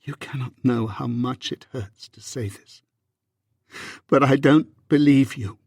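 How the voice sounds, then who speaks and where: Man voicing a wounded young Regency wife, husky, restrained, dry close audiobook sound. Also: mid-range voice, unhurried, a little mellow, dry recording. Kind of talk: audiobook reading.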